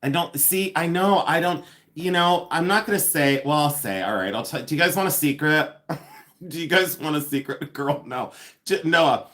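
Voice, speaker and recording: A middle-aged man runs a live jewelry unboxing stream and gushes over every piece. He greets viewers by name, laughs often, and his voice sits a little high for a man. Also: moderate pace, pushed and bright.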